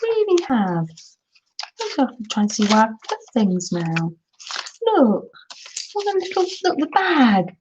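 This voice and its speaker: An older woman hosts a craft livestream, her voice fairly high and lively, swooping up on her delighted exclamations. She talks in an unhurried, gushing way while she reads out viewer comments. The audio is dull and lo-fi, with a faint hiss behind it.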